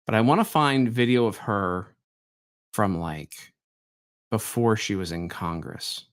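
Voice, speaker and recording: A man's voice: on the low side, lively intonation, measured pace. A man hosting a live stream, reacting to clips in a rambling, incredulous way. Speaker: host.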